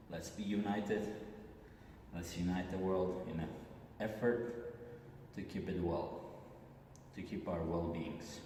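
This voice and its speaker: A low-voiced man with an Azerbaijani accent reads a comic monologue at a steady, deliberate pace. He is heard from a distance in a large hall with long, heavy reverb and a faint hiss underneath. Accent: Azerbaijani, Aghdam. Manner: deliberate, measured delivery with occasional restarts. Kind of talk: reading a prepared comic monologue.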